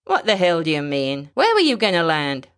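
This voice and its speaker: A woman playing a desperate man on the run, low gruff snarl, clipped, storybook reading. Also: wildly swooping pitch, normal speed. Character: desperate injured male fugitive, snarling and tough.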